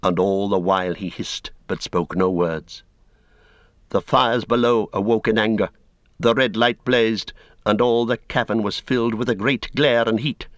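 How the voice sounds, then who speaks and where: Slow, grave male storyteller. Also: fairly low pitch, dry recording, clean studio sound. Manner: slow, grave, deliberate storytelling with dramatic swells. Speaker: audiobook narrator. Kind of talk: scripted dramatic narration.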